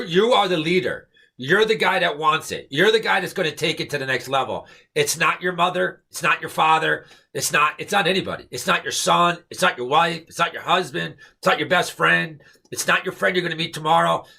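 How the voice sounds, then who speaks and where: Fired-up man with a gravelly, husky voice. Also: on the high side, sharp tone. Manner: repetitive, emphatic, punctuates with "okay?"; fired-up, preachy. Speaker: network marketing motivational speaker. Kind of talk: casual motivational pep talk to camera.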